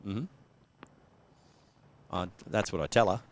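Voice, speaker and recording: A man's voice: on the low side, takes it slowly, noisy background. A man with an Australian accent doing casual live cricket commentary, joking and laughing often.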